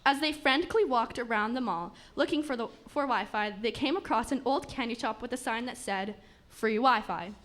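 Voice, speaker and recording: A woman with a somewhat high voice reads a comic fairy tale aloud. She keeps a steady pace, tripping over a word now and then and starting again. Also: fairly quick. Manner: steady reading with small stumbles and restarts. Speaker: story narrator. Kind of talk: reading a comic story aloud.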